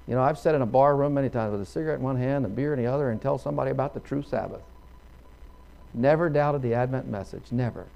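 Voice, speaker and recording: Middle-aged male preacher, gravelly, folksy sermon storyteller who acts out characters and erupts into hallelujahs. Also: medium pitch, mellow.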